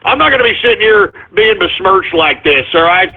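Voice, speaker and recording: Ranting, gravelly radio host man. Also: high-pitched, animated, fairly quick. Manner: angry ranting, swears a lot. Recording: tinny phone-like broadcast audio.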